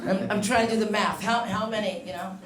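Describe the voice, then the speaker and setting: A woman's voice: medium pitch, steady tone, brisk. A woman in her sixties doing a bawdy stand-up set, chatty and brash, teasing the audience. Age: 60s. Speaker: stand-up comedian. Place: comedy stage before a live audience. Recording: echoey room with loud crowd laughter.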